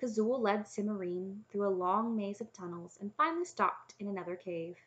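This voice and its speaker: A woman narrating a fantasy storybook in a measured, clear reading. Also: mid-range voice. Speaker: audiobook narrator. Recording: slightly dull lo-fi audio.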